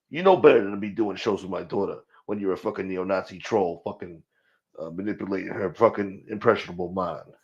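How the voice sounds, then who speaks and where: A man's voice: lowish voice, darkish tone, pitched below the performer's own voice. A man doing an impression of a profane, threatening older mob boss from New York. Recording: muffled lo-fi audio.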